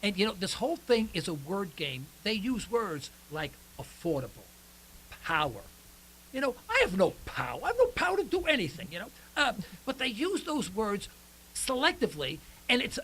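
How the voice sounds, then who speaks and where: A man's voice: high-pitched, poor audio. A man hosting a radio talk show, rambling and opinionated with lots of restarts. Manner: rambling, animated, with many restarts.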